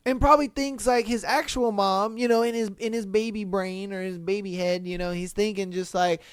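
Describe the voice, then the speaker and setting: A woman hosting a podcast, reading a listener's story aloud and reacting in an animated, slangy way with plenty of swearing. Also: mid-range voice, moderate pace, few pauses, smooth, dry recording, clean studio sound. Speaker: podcast host.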